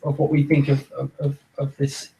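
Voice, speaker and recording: A man's voice: medium pitch, completely flat delivery, normal speed, warm tone, slight background noise. A man co-hosting a casual podcast, talking in loose, rambling sentences and often repeating words while he thinks. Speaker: podcast co-host. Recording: roomy echo, far from mic.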